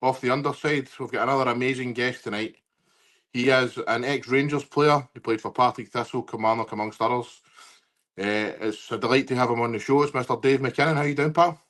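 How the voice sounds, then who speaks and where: A man's voice: mid-range voice, fairly even intonation, brisk, a bit bright. A Scottish man hosting a podcast interview in a casual, matey way. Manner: friendly, matey, says "mate" a lot. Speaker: podcast host.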